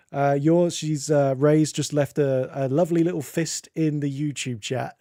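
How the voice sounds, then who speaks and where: A male streamer chats casually with his viewers and laughs often between comments. His delivery is slow and unhurried. The sound is close and dry. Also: a little high, steady tone, warm tone, dry recording. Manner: laughs often, reads chat aloud.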